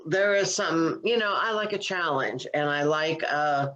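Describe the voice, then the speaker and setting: A woman's voice: sits low, fairly even intonation, measured pace, fairly bright tone, muffled recording. A woman co-hosting a comedy podcast, chatting in an upbeat way and trailing off her sentences. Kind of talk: casual chat.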